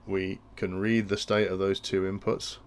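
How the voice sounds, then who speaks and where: Low-voiced man with gravelly tone. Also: little pitch movement, unhurried, slight background noise. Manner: thinking aloud with frequent restarts. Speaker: instructor explaining industrial control. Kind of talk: technical tutorial walkthrough.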